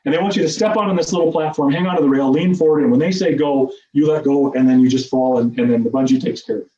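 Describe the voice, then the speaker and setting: Middle-aged man, quick, animated storyteller with self-deprecating humor, roomy far-off meeting-room sound. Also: a little high. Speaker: speaker at a meeting. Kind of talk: personal storytelling speech. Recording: echoey, distant, dull room sound.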